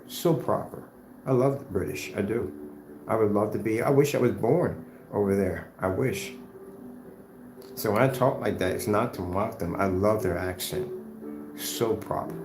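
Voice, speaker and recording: A man's voice: fairly low pitch, darkish tone, roomy sound, a little hiss or hum. A man talking off the cuff in a vlog, combative and repetitive, trash-talking his rivals before drifting into loose chat. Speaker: screen paint maker and vlogger.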